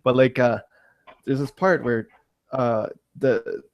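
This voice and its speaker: A man's voice: mid-range voice, steady tone, takes it slowly, dry recording, muffled recording. A man with a Canadian accent co-hosting a podcast in casual chat, rambling and hesitant, full of fillers. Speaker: podcast co-host.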